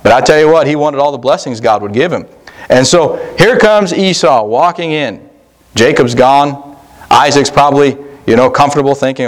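A male pastor preaching a sermon in a folksy, conversational way, slowing down to stress key words. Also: medium pitch.

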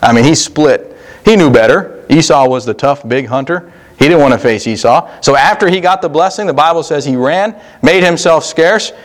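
A male pastor preaching a sermon in a folksy, conversational way, slowing down to stress key words. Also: fairly high pitch, expressive.

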